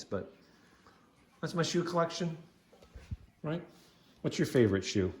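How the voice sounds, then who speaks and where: Middle-aged man, lowish voice, loose rambling home vlog delivery, recorded in an echoey dining room. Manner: rambling, with many fillers and self-corrections. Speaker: shoe collector vlogger. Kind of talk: casual show-and-tell. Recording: roomy home recording with faint noise.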